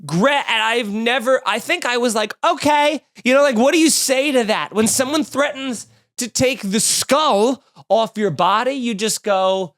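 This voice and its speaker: A comedian hosting his podcast, telling a story in a casual, animated way, swearing and acting out what people said. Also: very high-pitched, unhurried, hardly any pauses, dry recording, studio quality. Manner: animated, swearing, acts out quotes.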